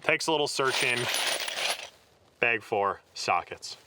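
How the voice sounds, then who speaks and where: A man's voice: medium pitch, expressive, slow pace, heavy background noise. A man hosting an off-road show, walking through his tool kit in a casual, upbeat way, laughing often and using lots of fillers. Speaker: host of an off-road vehicle show.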